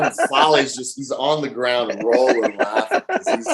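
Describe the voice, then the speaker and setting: A man in his forties, an interview guest, telling lively anecdotes in a casual way and acting out the quotes. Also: medium pitch, a little slow, over a noisy crowd. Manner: lively anecdotal storyteller, laughs and acts out quotes. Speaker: professional wrestler, interview guest. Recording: roomy echo.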